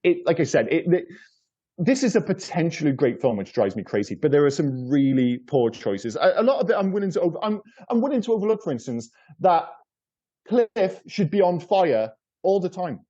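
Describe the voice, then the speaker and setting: A man's voice: on the high side, big pitch swings, moderate pace, dark tone, lo-fi sound. A man co-hosting a casual film review podcast, rambling and repeating words as he talks, with casual swearing. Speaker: podcast co-host.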